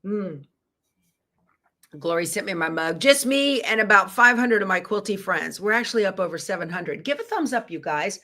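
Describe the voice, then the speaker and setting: A middle-aged woman chats with her viewers in a folksy way. Her voice is bright and clear, at a middle pitch, as she talks through a casual live stream. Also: lively intonation, moderate pace. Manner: chatty, folksy, reads out viewer comments. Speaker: quilting channel host.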